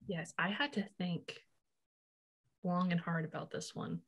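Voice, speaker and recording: A young woman co-hosting a podcast in casual chat, talkative and quick to laugh, her voice jumping higher when she gets excited. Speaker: podcast co-host.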